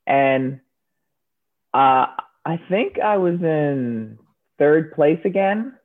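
This woman speaks extremely slowly in a low-pitched voice. A former Olympic shot putter, she gives storytelling interview answers and animatedly acts out the voices of the characters. The audio is narrow and phone-like.

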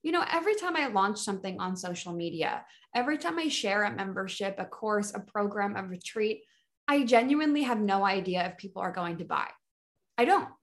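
Woman coach, mid-pitched voice, emphatic motivational delivery. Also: expressive, a little fast. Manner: enthusiastic, emphatic, restarts often. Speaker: business coach. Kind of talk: motivational solo talk.

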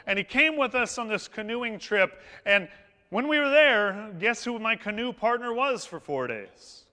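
A man's voice: sits high, bright, forceful tone. A male pastor telling a story in his sermon in a conversational, anecdotal way, with touches of humor. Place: church sanctuary. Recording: long hall reverb in a church.

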